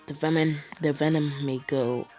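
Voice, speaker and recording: A man voicing a sadistic male goblin villain, speaking slowly and menacingly. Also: fairly high pitch, fairly even intonation, a little mellow, soft background music, natural voice. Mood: scheming.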